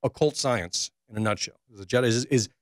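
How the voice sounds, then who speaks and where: A man, a reporter, talking in a measured, hesitant way during a casual political chat. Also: mid-range voice, no echo, studio quality.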